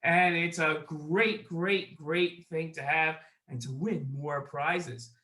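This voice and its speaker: High, slow man hosting a kids' quiz. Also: fairly even intonation, bright, forceful tone, echoey room, poor audio. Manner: drawn-out, deliberate, addresses viewers. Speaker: children's show host.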